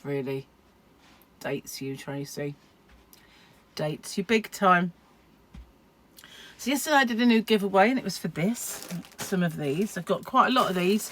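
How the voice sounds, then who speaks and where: A woman's voice: medium pitch, a little hiss or hum. A middle-aged British woman from the UK, chatting casually to camera as a crochet vlogger, rambling and self-deprecating with frequent laughs. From United Kingdom.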